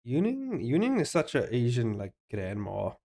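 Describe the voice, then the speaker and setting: A man's voice: mid-range voice, huge pitch swings, moderate pace, creaky, warm tone. Rambling man streaming. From South Africa. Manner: rambling, laughs often, swears casually. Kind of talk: casual livestream chat.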